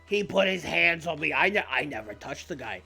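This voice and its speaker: A man voicing a gloating, whiny male wrestling heel who taunts with slow, drawn-out mockery. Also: on the high side, lively intonation, gravelly, sharp tone, soft background music, pitched above the performer's own voice, exaggerated voice. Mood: indignant. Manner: taunting, drawn-out mocking delivery.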